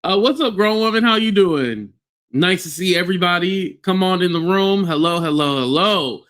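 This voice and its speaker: A young man hosts a live-streamed podcast and rants bluntly, swearing freely and stopping to greet viewers by name. His voice sits a little high for a man. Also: lively intonation, normal speed, a bit bright. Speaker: podcast host.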